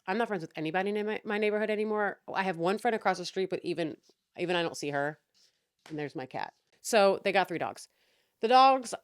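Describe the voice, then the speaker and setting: A young woman with a fairly low voice vents about her neighbors in a casual, sarcastic rant, swearing freely. The sound is dry and close, with no room around it. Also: no echo. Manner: exasperated, profane, sarcastic. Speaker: podcast host.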